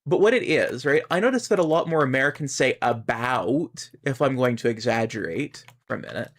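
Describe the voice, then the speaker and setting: A man's voice: medium pitch, lively intonation, a little fast. A man with a Canadian accent chatting casually while streaming a game, rambling and musing aloud. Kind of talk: casual gaming stream chat.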